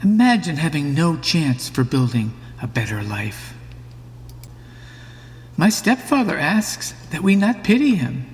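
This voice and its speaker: A man's voice: fairly high pitch, big pitch swings, a little slow, big-room sound. A man reading a scripted comic monologue with dry, mock-serious storytelling. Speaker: narrator of a mock book trailer.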